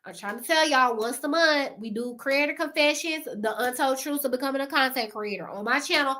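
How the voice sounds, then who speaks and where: Bright-voiced chatty woman vlogger. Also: sits high, brisk. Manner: chatty, animated, laughs often, addresses viewers as y'all. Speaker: YouTuber giving creator advice. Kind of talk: casual motivational talk to camera.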